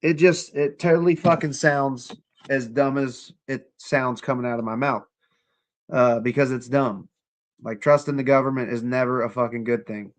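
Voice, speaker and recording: A man's voice: medium pitch, steady tone, moderate pace. A young man hosting a casual livestream, sarcastic and profane, talking straight to his chat. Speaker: livestream host.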